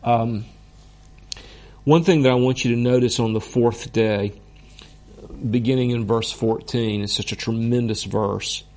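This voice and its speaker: A man teaching a Bible course in an earnest, deliberate way, openly moved by what he teaches. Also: medium pitch, steady tone, a little mellow.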